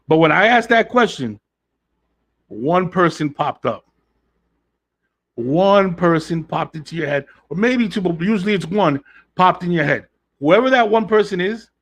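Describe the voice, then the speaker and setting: A man's voice: a little high, a bit bright. A man hosting a podcast in a casual, blunt and emphatic way, full of slang and swearing, talking straight to his listeners. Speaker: podcast host. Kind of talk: casual solo podcast talk.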